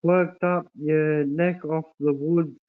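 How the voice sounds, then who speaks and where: A man's voice: a little high, steady tone, takes it slowly. Effusive man on a tinny stream. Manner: warm, effusive, calls everyone mate and brother. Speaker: livestream host. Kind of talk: casual livestream chat reading comments. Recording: tinny phone-like audio.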